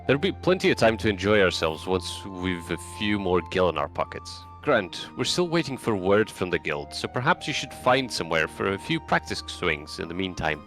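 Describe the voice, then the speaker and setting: A man's voice: sits low, big pitch swings, fairly bright tone, faint music behind. A man voicing a hearty Scottish game character. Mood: encouraging. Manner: brisk, reading dialogue aloud.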